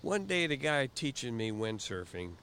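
An older man telling stories in a casual interview, halting and often repeating words as he goes. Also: medium pitch, very animated, a bit bright, slight background noise. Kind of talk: casual storytelling.

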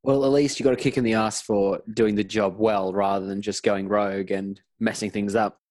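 A man hosting an interview, speaking in a measured, careful way. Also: on the low side, steady tone, darkish tone, dry recording. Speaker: podcast host. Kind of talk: interview questions.

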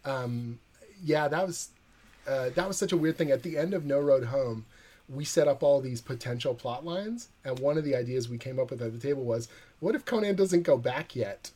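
Male comic writer, husky voice, animated interview storyteller. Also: medium pitch, normal speed. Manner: lively storyteller acting out quoted dialogue. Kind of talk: animated anecdote in a podcast interview.

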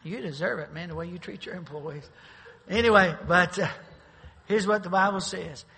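A man's voice: sits high, normal speed, gravelly, bright, forceful tone, slightly rough. A male pastor preaching an emphatic sermon to his congregation, joking with them and repeating words as he restarts his sentences. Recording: long hall reverb.

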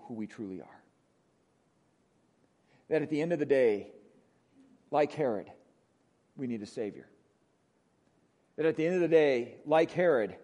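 A man with a Wisconsin accent preaching a sermon as pastor, conversational, often asking "right?", moving between emphatic lines and hushed ones. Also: medium pitch. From Wisconsin, USA.

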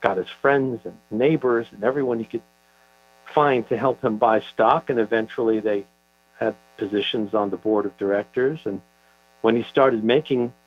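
An older man talks through a story in a thoughtful, halting way, pausing on fillers as he goes. The recording is dull and lo-fi, with a low mains hum underneath. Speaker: author being interviewed. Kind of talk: conversational interview.

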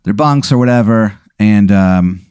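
A man's voice: fairly low pitch, unhurried, clear, resonant tone, dry recording, studio quality. A man hosting a comedy podcast, improvising a rambling story for his co-host. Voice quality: animated, rambling with fillers.

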